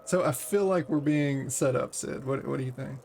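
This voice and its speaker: A man's voice: mid-range voice, normal speed, creaky, darkish tone, a little hiss or hum. A man hosting a let's play video, giving casual game commentary with a dry, teasing manner.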